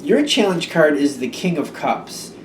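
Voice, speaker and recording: A man gives a casual tarot reading, rambling and hesitant, with many fillers and restarts. His voice is on the high side and very animated at a measured pace, captured from a distance in an echoey room with a slight hiss or hum.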